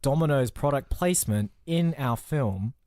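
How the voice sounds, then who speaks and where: A man's voice: medium pitch, animated, normal speed, darkish tone, dry recording, studio quality. A man co-hosting a casual comedy podcast, rambling through absurd made-up stories with a joking manner. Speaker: podcast co-host.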